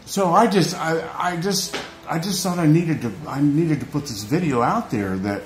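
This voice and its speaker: An American man with a slightly high voice speaks at a moderate pace in an emotional, unscripted vlog rant. He's earnest and rambling, often restarting and repeating phrases. The room is echoey, with faint background noise.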